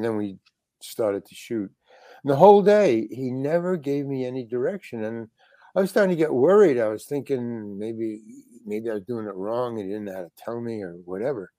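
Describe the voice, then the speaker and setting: An older actor telling a story as an interview guest in a halting, rambling way, full of restarts. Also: male voice, medium pitch, warm tone, no echo. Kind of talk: casual storytelling.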